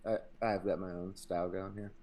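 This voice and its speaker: A man's voice: sits low, little pitch movement, brisk, dark tone, a little hiss or hum. A young adult man hosting a podcast in casual chat, rambling, swearing freely and laughing often. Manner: rambling, profane, laughs a lot. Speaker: podcast host.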